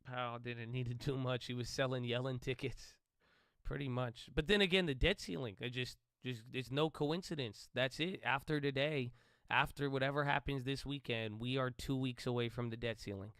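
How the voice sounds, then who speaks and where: Smooth-voiced man chatting about markets. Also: medium pitch, fairly even intonation, normal speed, no echo. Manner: loose and chatty, calls listeners bro; says he tends to sound loud and yelling. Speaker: host of a live trading stream. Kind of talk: casual live market commentary.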